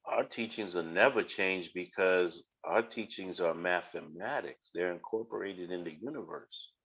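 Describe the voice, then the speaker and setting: Male stream host, blunt and profane, forceful lowish voice, dull dry lo-fi audio. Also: moderate pace, husky. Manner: blunt, profane, rhetorical questions. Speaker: live stream host teaching. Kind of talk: casual lecture on a live stream.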